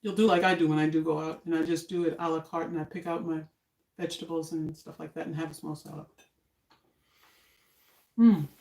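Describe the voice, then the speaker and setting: An older woman chatting casually on a home cooking live stream, homey and relaxed, talking while she eats. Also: low-pitched, fairly quick, long pauses, echoey room. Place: home kitchen.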